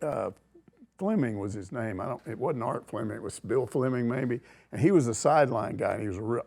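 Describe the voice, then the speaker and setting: Older man, sports show host, animated storyteller, middle pitch. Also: fairly quick, gravelly. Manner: animated, acts out quotes with voice shifts. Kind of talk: casual storytelling chat.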